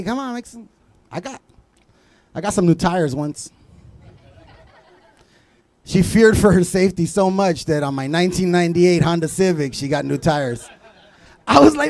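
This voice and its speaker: Young man doing loud crude stand-up. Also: high voice, big pitch swings, moderate pace, creaky, no room sound. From Southern California. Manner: crude, loud crowd work with Spanish asides. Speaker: stand-up comedian. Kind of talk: stand-up comedy set.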